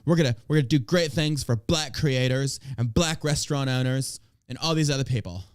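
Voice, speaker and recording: A flippant, sing-song Valley Girl-style spokesperson, as a man puts the voice on, lifted a little higher than plain talk. She sounds airy and breezy, with a lilting, mocking edge. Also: fairly quick, clean tone, dry recording, clean studio sound, natural voice.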